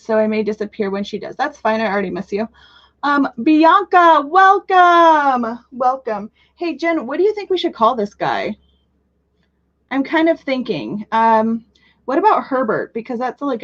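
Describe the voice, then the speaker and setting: A woman's voice: fairly high pitch, muffled recording. A young woman in her twenties hosting a live crafting show, talking casually and jumping from topic to topic with self-mocking asides and sudden squeals. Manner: chatty, scattered and self-mocking, with bursts of squeals. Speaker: crafting livestream host. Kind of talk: casual live-stream chat.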